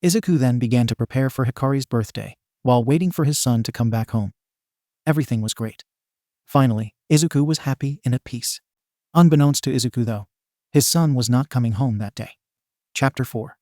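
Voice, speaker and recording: A man narrates an audio story at a steady, even reading pace. His voice sits at a middle pitch and is recorded close and dry, with nothing around it. The delivery stays plain and measured throughout. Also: no echo.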